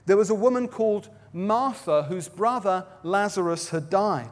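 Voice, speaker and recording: A man with a high voice preaches a sermon at a baptism service from a platform in a large venue. He tells Bible stories with flair, dramatically quoting and swinging his loudness. The sound carries a long hall reverb. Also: normal speed.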